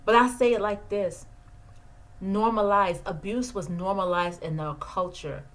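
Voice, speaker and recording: The camera microphone picks up a medium-pitched, steady, unhurried voice in a low-quality recording. It belongs to a Jamaican therapist in her forties who talks earnestly to the camera with advice, repeating key phrases for emphasis.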